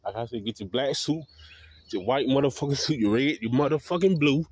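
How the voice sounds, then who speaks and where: A man's voice: medium pitch, fairly quick, darkish tone, breathy edge. A man delivering a profane, defiant, repetitive rant to camera as a video blogger. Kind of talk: ranting monologue to camera.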